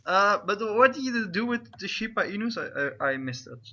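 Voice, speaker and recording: A man's voice: high voice, very animated, fairly quick, pushed and bright, dull audio. A man running a tabletop game as game master, rambling with filler words and frequent laughter.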